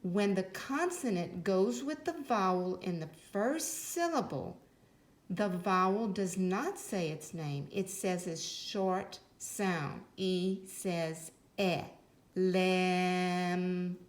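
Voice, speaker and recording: A woman teaching a phonics lesson to young children, speaking slowly and clearly in an encouraging way. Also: medium pitch, animated. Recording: roomy echo.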